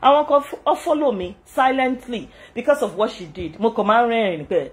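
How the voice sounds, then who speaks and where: A woman's voice: fairly high pitch, fast talker. A middle-aged Nigerian woman with a Yoruba-inflected accent, hosting a casual vlog and talking indignantly, switching between English, Pidgin and Yoruba. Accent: Nigerian, Yoruba-speaking. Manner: animated, mixing English, Pidgin and Yoruba, frequent laughter, indignant. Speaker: channel host.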